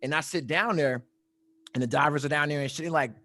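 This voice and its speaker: A man telling a long story in casual chat, animated and profane, often laughing at his own tale. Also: a little high, brisk, no echo. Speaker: podcast storyteller.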